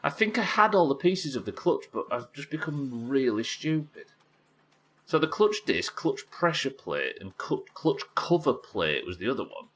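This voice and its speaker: A man's voice: medium pitch, sing-song, normal speed, fairly bright tone, slightly rough. A man from England with a Yorkshire accent, chatting casually while streaming a game, rambling, thinking aloud and swearing freely. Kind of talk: casual live-stream chat while gaming.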